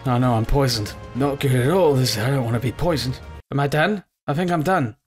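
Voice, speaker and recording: Excitable man narrating a game. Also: mid-range voice, fairly quick, soft background music. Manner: rambling, excitable, yells at the game. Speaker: gaming channel host. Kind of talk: let's play commentary.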